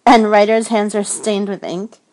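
A woman voicing a curious, gently teasing female friend in a read-aloud story. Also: fairly low pitch, a little slow.

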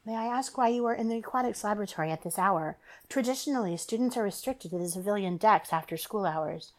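Storybook android man, smooth and formal, a woman reading him. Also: medium pitch, expressive, fast, natural voice. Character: polite male synthetic officer, precise and formal.

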